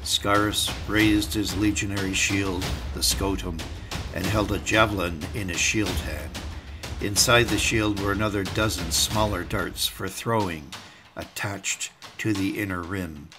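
A man narrating an audiobook in the first person in a measured, deliberate way. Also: low voice, fairly even intonation. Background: music.

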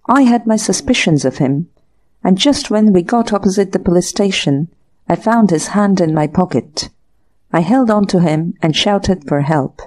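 A woman voicing a nervous, excitable young man in a storybook reading, earnest in manner. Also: lowish voice, moderate pace.

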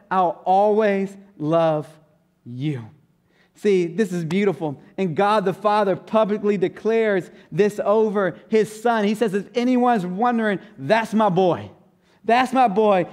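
A man, a pastor, preaching a sermon in a church in a playful, emphatic way, slowing down to stress repeated lines. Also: sits high, a little mellow. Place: church sanctuary.

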